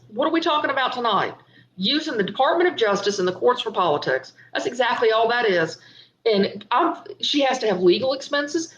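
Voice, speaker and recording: Excited woman livestreaming commentary. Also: a little high. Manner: excited, emphatic, addresses viewers directly. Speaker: political commentary host. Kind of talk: Facebook live political commentary. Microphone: webcam or phone on livestream. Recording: echoey room, slightly muffled livestream audio.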